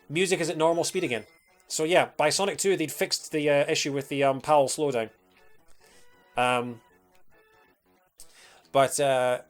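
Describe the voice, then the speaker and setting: A young man with a Scottish accent, chatting casually and rambling with plenty of fillers while he streams a game. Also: mid-range voice. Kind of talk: casual livestream chat while playing.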